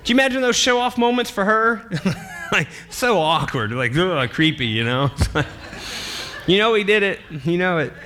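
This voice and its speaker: Animated, playful man preaching a sermon. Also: high voice, normal speed. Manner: animated, playful, laughs often. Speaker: pastor.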